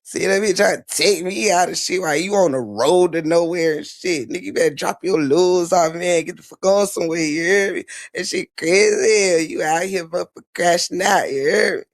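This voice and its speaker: A man hosting a livestream, ranting loudly and profanely, taunting someone and repeating "you heard me". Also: high-pitched, a little fast, hardly any pauses, dry recording, studio quality. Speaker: livestream host.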